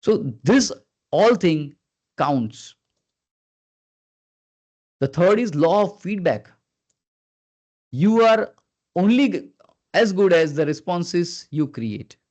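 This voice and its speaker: A man leading a live online training session as a communication skills trainer, earnest and coaxing, who keeps prompting his listeners and swings his pitch up and down on purpose. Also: expressive, takes it slowly, pauses often, a little mellow. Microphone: video call. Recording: dull lo-fi video call audio.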